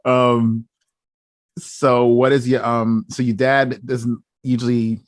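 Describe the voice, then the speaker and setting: A man hosting a podcast, a relaxed interviewer with short agreeing replies in casual chat. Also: medium pitch, slow, dry recording, clean studio sound. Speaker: podcast host.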